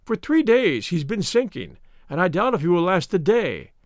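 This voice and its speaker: A man's voice: high voice, very animated, moderate pace, no room sound, studio quality. A man doing an anxious, pleading old housekeeper. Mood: urgent. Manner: urgent, pleading. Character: anxious devoted older female housekeeper.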